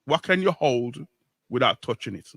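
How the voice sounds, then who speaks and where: A man's voice: mid-range voice, sing-song, normal speed, creaky, a bit bright. A man co-hosting a chat show, playful and teasing as he sets a riddle. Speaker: co-host and quizmaster.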